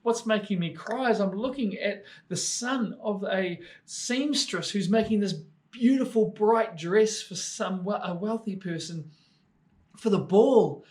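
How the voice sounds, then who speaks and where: A man voicing a sorrowful, gentle statue of a prince in a children's story, talking softly. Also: sits high, a little slow, pitched above the performer's own voice. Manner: soft, sad and imploring.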